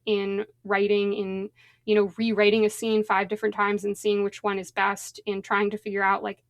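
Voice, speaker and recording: A woman journalist speaking as a podcast guest, thoughtful and conversational, often pausing on "um" and "like". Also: mid-range voice, no echo. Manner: thoughtful, with frequent "um" and "like". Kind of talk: conversational interview.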